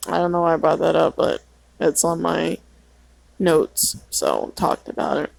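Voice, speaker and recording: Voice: mid-range voice, fairly even intonation, moderate pace, creaky, a little mellow, no room sound, poor audio. A teenager rambling and venting in a casual vlog, full of "like" and swearing. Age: teens. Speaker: vlogger.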